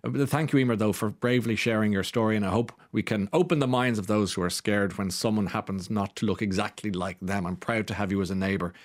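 A man's voice: on the low side, quick pace, few pauses, no echo, clean studio sound. A man hosting a radio talk show, chatty with frequent restarts, reading listener texts. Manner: hesitant, chatty, reads texts aloud. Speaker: radio host. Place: radio studio.

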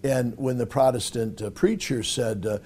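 A man who is a cardinal, speaking conversationally in an interview and pausing often. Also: medium pitch, fairly even intonation, darkish tone, slightly rough. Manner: conversational, halting with fillers. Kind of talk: interview commentary.

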